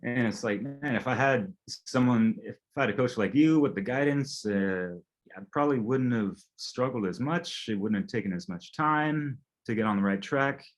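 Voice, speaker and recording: A man's voice: medium pitch, normal speed. A man interviewing an old friend in casual chat, hesitant, with many fillers and trailing thoughts.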